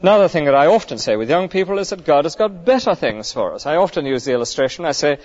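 A man's voice: a little high, big pitch swings, quick pace, a little mellow, muffled recording. A male clergyman giving an earnest, conversational sermon full of rhetorical questions.

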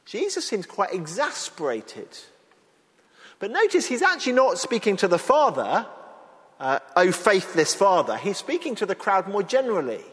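A man preaching a sermon in an earnest, expressive way, acting out the lines he quotes. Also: sits high, normal speed. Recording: long reverb of a large hall.

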